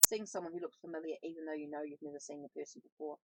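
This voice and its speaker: A woman reading the lines of a perceptive, calm spiritual guide in a storybook, in a plain read-aloud voice with small slips. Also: deep voice, racing, very noisy.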